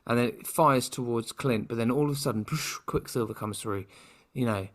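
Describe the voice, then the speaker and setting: A man's voice: mid-range voice, normal speed. Chatty British podcast co-host, man. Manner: chatty, rambling, playfully sarcastic. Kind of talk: casual chat.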